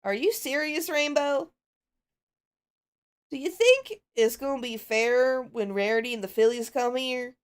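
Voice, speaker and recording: A folksy Southern mare pony with a stubborn streak and a warm, plain-spoken drawl, as a woman puts her on. She sounds earnest and set in her ways, fitting a fan game role-play, with a voice pitched a touch high. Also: expressive, a little slow, clean tone. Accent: Southern US (put on). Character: kind country mare pony, stubborn farm leader.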